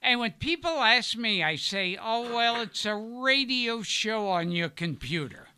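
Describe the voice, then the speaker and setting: An older man, a podcast guest, telling rambling stories in a halting way, with loud bursts of laughter. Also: high voice, lively intonation, slight background noise. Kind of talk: casual storytelling chat.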